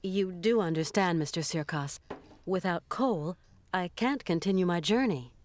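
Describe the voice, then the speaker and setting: A woman's voice: lowish voice, unhurried, darkish tone, lightly acted. Kate Walker, a woman playing a polite, firm traveller. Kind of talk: video game voice acting.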